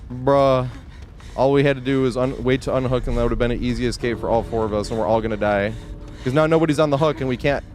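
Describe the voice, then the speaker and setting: A man streaming a game live, ranting in exasperation with frequent swearing and yelling at the screen in bursts. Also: mid-range voice, fairly even intonation, fast. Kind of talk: live gameplay commentary.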